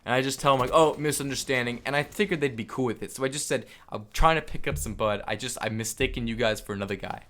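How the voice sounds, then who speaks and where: A man's voice: medium pitch, fast, few pauses. A young man vlogging, telling a rambling story with lots of swearing and filler words. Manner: rambling, animated, frequent swearing and "like". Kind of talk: storytelling vlog.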